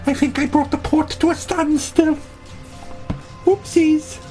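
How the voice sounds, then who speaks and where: A woman's voice: high-pitched, level tone, moderate pace, mellow, faint music behind, low-quality recording. A woman narrating a comic audio story in character, talking in a brash, boastful, rambling way.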